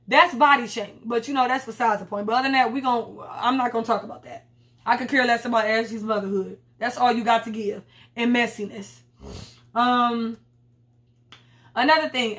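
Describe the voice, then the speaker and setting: A woman's voice: fairly high pitch, fairly bright tone. A young woman reviewing a reality TV episode in a blunt, profane, slangy casual chat. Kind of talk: casual commentary vlog.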